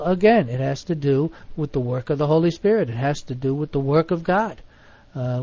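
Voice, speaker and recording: A man teaching in an online Bible study, measured, stressing single words, with many fillers. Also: mid-range voice, a little mellow, no room sound, muffled recording.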